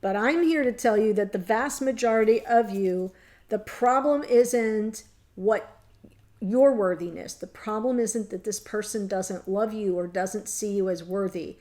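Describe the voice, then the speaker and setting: A woman with a mid-range, unhurried, slightly mellow voice gives a casual tarot reading to camera. She speaks directly to her viewers in an earnest, emotional way.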